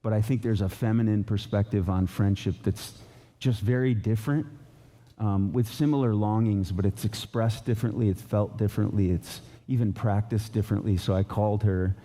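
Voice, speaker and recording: A middle-aged man preaches in a casual, rambling way into a stage mic in a church. His voice sits low and sounds very dark and mellow. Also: fairly even intonation, normal speed. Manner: casual, loose, with fillers and restarts. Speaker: pastor. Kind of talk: conversational sermon. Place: church auditorium.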